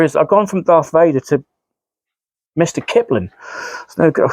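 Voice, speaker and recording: A man's voice: fairly high pitch, expressive, normal speed, pauses often, a bit bright, dry recording. A man, a model railway YouTuber, chatting casually in a rambling, self-mocking way with frequent sighs. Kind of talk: casual vlog chat.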